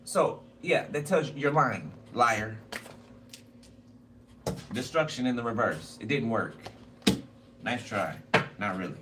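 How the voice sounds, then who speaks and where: A man doing a casual tarot card reading, blunt and profane and repeating himself a lot. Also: mid-range voice. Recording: noisy, distant mic.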